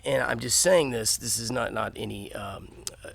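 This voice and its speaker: A man's voice: mid-range voice, normal speed, creaky, a bit bright. A middle-aged man from the Texas panhandle, a podcast guest talking earnestly and emphatically, often restarting his sentences. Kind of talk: casual interview chat.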